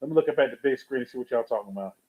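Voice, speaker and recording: A man's voice: medium pitch, racing. Guy rambling on his live stream, chatting with viewers, sounds thin like over a phone line. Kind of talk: casual live-stream storytelling. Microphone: webcam or USB streaming setup.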